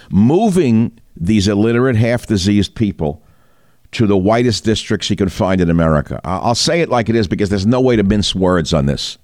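A man's voice: low-pitched, darkish tone, no echo, studio quality. A man hosting a talk show, delivering combative, indignant news commentary and firing rhetorical questions at the listener. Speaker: talk radio host.

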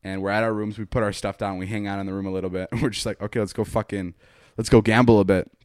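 A man's voice: fairly low pitch, quick pace, clean tone, no room sound, studio quality. A man in his twenties, a podcast host, telling a long story in casual chat, swearing often and acting out what people said. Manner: profane, animated, acts out quoted dialogue.

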